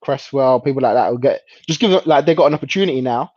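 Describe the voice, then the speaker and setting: A man chatting casually about football as a co-host, relaxed and hesitant, often laughing. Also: mid-range voice, quick pace, no room sound, lo-fi sound.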